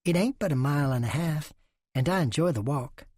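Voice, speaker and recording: A man's voice: a little high, animated, fairly quick, darkish tone, dry recording, studio quality. A man voicing a shy, polite young farm woman.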